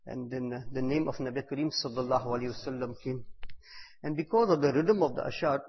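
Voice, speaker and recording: Husky-voiced man preaching. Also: mid-range voice, fast talker. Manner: storytelling, repeats phrases for emphasis, bursts loud on key words. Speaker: religious teacher. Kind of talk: devotional talk to a gathering. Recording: echoey hall, dull lo-fi sound.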